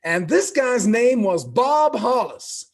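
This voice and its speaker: Husky, high-voiced man in his fifties from South Africa. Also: takes it slowly. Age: 50s. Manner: playful, animated, storytelling, asks the audience to join in. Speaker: event host. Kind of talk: energetic live event hosting.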